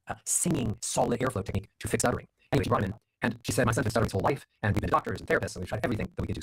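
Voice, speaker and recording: Fast-talking husky male voice coach. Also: medium pitch, low-quality recording. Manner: animated storyteller, acts out voices in quotes. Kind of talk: interview guest, storytelling.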